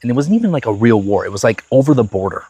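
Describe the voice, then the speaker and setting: A man's voice: mid-range voice, racing, slightly rough, dry recording. A man co-hosting a casual current-events podcast, listing points eagerly with restarts. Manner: excited, lists points with restarts. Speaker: podcast co-host.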